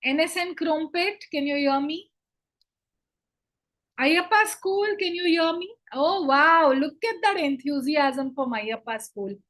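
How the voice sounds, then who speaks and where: Female online class host, high and bright voice, unhurried pace, rousing and upbeat with students. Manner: energetic, cheering students on with chants.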